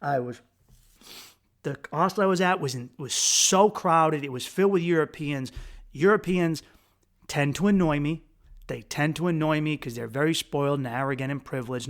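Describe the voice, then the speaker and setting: A man from the United States hosting a podcast, telling a travel story in a rambling, crude, self-mocking way with quick restarts. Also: fairly high pitch, fairly bright tone. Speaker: podcast host. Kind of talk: casual storytelling monologue.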